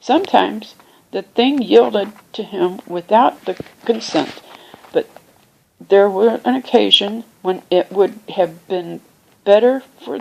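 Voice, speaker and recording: A woman reading a children's classic aloud, unhurried, lifting her voice for the characters and pausing now and then to find her place or explain a word. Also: mid-range voice, creaky, a little mellow, a little hiss or hum, low-quality recording. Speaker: reader. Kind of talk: amateur audiobook reading.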